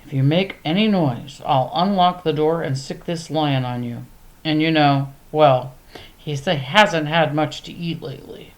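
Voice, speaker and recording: A woman voicing a clever, touchy male pig who speaks with quick indignation. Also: sits low. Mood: indignant.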